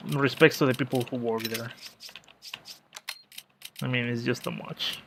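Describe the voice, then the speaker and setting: A man giving casual let's-play commentary, telling a story in a halting, rambling way with many restarts. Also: medium pitch, vocal fry. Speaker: gaming video host. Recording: steady game noise behind voice. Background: video game sounds.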